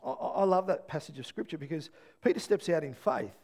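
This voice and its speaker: A middle-aged man, preaching a sermon and telling family stories with animated, acted-out voices. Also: a little high, fast talker. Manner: animated storytelling, acts out voices. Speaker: pastor.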